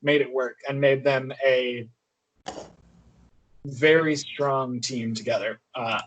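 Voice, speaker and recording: A young man co-hosting a sports podcast, talking in a relaxed, thoughtful way with many fillers. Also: mid-range voice, slow, muffled recording, a little hiss or hum. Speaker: podcast co-host. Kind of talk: casual sports chat.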